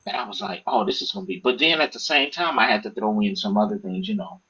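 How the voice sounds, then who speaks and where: A man talks casually and profanely as a podcast guest, acting out the voices of people in his stories. His voice is husky and moves all over the place in pitch. The recording sounds dull and lo-fi. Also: fast talker. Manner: animated, profane, acts out quoted speech. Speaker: author guest. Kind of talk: casual storytelling interview.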